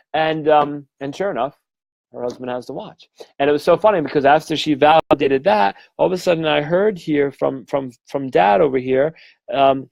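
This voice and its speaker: A man's voice: on the high side, normal speed, vocal fry, darkish tone, dry recording, poor audio. A man, middle-aged, a medium giving a frank, rambling live-stream talk full of fillers and swearing. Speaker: medium and mentor.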